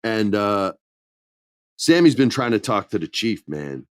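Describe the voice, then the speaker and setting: A man co-hosts a casual podcast and retells wrestling segments with animated swings in pitch. He jumps into quick put-on voices for the quotes. The sound is dry and close. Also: no room sound. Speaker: podcast co-host. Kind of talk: casual wrestling recap chat.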